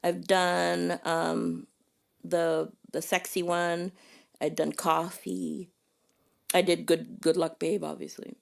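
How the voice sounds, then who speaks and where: A woman's voice: fairly low pitch, level tone, slow, creaky. A woman hosting a casual livestream chat, playful and apt to break into snatches of song, talking through a mic with reverb left on. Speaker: livestream host. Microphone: desk mic with reverb effect left on.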